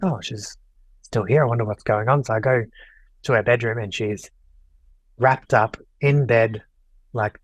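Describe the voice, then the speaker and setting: A man's voice: medium pitch, no echo, low-quality recording. A young man, guest on a podcast, telling a personal story casually and acting out quoted lines. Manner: animated, acts out quoted dialogue.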